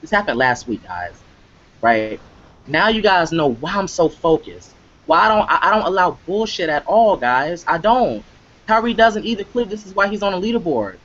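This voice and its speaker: Man, live webcast host, emphatic and repetitive, slightly high voice, dull lo-fi sound. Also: very animated, normal speed, a bit bright. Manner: emphatic, repetitive, tag questions. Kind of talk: live motivational webcast talk.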